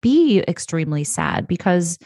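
A woman's voice: on the low side, big pitch swings, normal speed, a little mellow, no room sound, studio quality. A woman hosting a podcast, speaking supportively and reflectively to her guest and her listeners. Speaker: podcast host. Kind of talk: casual chat.

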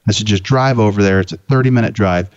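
Man, casual storyteller, salty and animated, dry close sound, a bit dull. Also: lowish voice, fast talker, no echo. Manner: animated, profane anecdote-telling. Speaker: guest, Jeep owner.

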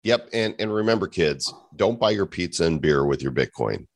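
A very low-voiced man hosts a podcast with energetic, punning delivery. The sound is close and dry, with no room echo. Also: moderate pace, gravelly. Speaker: podcast host. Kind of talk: scripted intro and casual banter.

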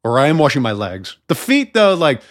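A man co-hosting a casual podcast chat, animated and swearing freely, reading the show credits. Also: medium pitch, brisk, dry recording, studio quality. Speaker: podcast co-host.

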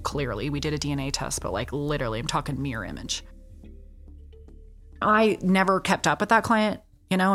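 A middle-aged woman attorney telling courtroom stories in an interview, blunt and animated, swearing freely and acting out the people she quotes. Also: on the low side. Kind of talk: storytelling in a podcast interview. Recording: music bed under the voice.

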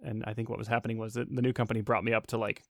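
A man's voice: fairly low pitch, flat delivery, rapid-fire, creaky, a bit bright, no echo, studio quality. Man telling work stories with a laugh. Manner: storytelling, laughing mid-sentence. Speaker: podcast co-host. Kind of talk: casual chat.

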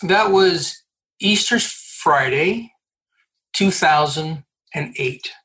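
A middle-aged man from Canada, a guest in an interview, telling a story in an animated way, laughing and acting out the voices he quotes. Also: fairly high pitch, drawn-out words, poor audio. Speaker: guest, recruiter. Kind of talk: storytelling in a conversation.

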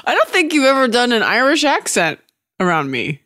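A woman's voice: a little high, huge pitch swings, fairly quick, sharp tone, dry recording, clean studio sound. A woman co-hosting a podcast in casual chat, teasing her partner and laughing often. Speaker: podcast co-host.

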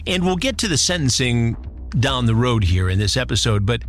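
A man's voice: mid-range voice, very animated, a little fast, soft background music. A man hosting a commentary show, retelling a case in an indignant, worked-up way. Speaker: host. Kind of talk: commentary podcast.

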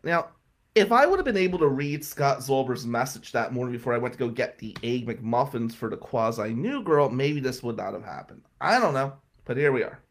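A man telling a story on a radio talk show, animated and acting out the voices of the people he quotes. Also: mid-range voice, brisk. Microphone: studio microphone.

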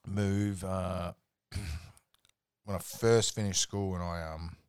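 An Australian man with a fairly low voice tells rambling work stories as a podcast guest. His talk is relaxed and full of swearing. The sound is dry and close, with no room to it. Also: drawn-out words, clear, resonant tone, no echo. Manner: laid-back, sweary, rambling anecdotes. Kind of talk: casual storytelling chat.

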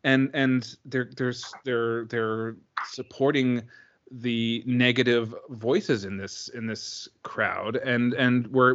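A man co-hosting a sports podcast in casual chat, talking in halting bursts full of restarts and repeated words. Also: medium pitch, a bit bright, highs cut off. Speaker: podcast co-host.

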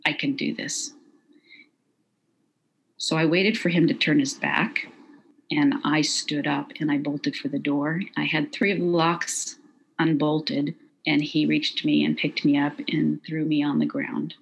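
A middle-aged woman recounting a personal story in an interview, quiet, measured and halting. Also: deep voice, little pitch movement, vocal fry, slight background noise, rough recording. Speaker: guest.

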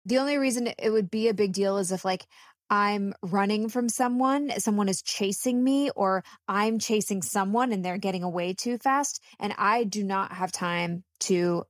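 A woman co-hosting a casual comedic chat, with crisp, careful enunciation and a dry, wry manner. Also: medium pitch, normal speed, no room sound. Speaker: podcast co-host.

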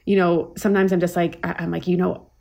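A woman in her thirties, a podcast guest telling family stories in casual chat, with many restarts and lively put-on voices for her relatives. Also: on the low side, quick pace, vocal fry. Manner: chatty storyteller, many likes and restarts, acts out family quotes.

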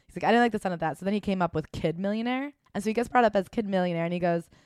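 A woman's voice: medium pitch, rapid-fire, a little mellow, clean tone, no room sound, studio quality. A young adult woman co-hosting a podcast, chatting casually, laughing often and reading book quotes aloud. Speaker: podcast co-host. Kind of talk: casual chat.

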